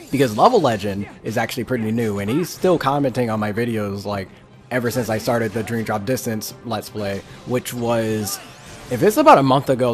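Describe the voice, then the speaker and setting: Rambling man narrating his gameplay. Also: fairly low pitch. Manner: rambling, frustrated, many filler words. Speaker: let's play YouTuber. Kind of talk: casual gameplay commentary.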